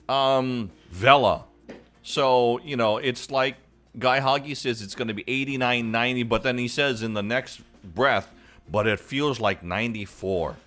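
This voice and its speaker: A man's voice: medium pitch, a little slow, fairly bright tone, soft background music. A man hosting a casual live entertainment stream, upbeat and chatty as he greets viewers by name. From Hawaii.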